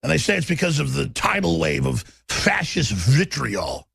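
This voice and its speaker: A man's voice: a little high, sing-song, normal speed, creaky, fairly bright tone, slightly rough, dry recording, studio quality. A man hosting a talk radio show, delivering a combative, emphatic monologue.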